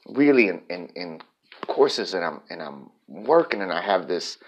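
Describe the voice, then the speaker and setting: A man's voice: on the low side, poor audio. A man vlogging a personal, reflective monologue, talking candidly and rambling with frequent restarts.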